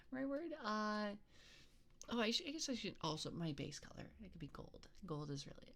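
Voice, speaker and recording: A woman streamer chatting softly in an ASMR stream, hesitant and rambling, often slipping into a whisper, into a binaural microphone. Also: on the low side, creaky, a little hiss or hum. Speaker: VTuber streamer. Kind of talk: soft-spoken ASMR stream chat.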